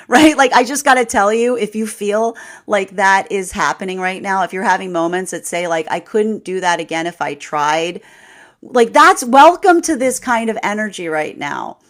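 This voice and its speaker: A woman tarot reader giving a live daily reading, chatty and repetitive, laughing often and asking "right?". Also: mid-range voice.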